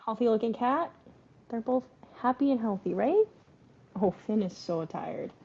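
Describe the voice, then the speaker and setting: Woman live-stream host, husky and mellow, chatty and coaxing, slightly muffled stream audio. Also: fairly high pitch, animated, unhurried. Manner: chatty, coaxing talk to her pets. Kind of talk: casual live-stream chat with play-by-play.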